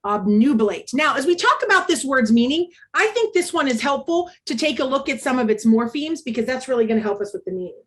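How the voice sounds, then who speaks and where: A woman's voice: high-pitched, expressive, fast talker, few pauses. A woman presenting an interactive online workshop for teachers, speaking over a video call in an upbeat, chatty way with frequent ums. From United States.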